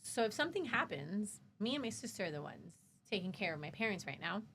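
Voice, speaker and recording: A woman's voice: mid-range voice, quick pace, a little hiss or hum. A woman who works in hospitality, a podcast guest telling family stories in casual conversation and acting out quoted dialogue with frank, salty language. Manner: animated, acts out quoted dialogue, swears freely.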